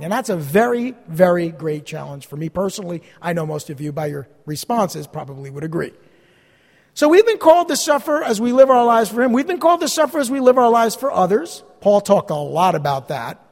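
A pastor preaching a sermon, telling stories about himself with self-deprecating humor. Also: male voice, high-pitched, big-room sound.

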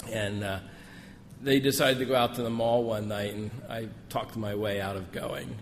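A man's voice: fairly low pitch, steady tone, normal speed. A man speaking as a missionary at a gathering, telling folksy, joking stories full of asides. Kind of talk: sermon with personal stories. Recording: long hall reverb, faint room noise.

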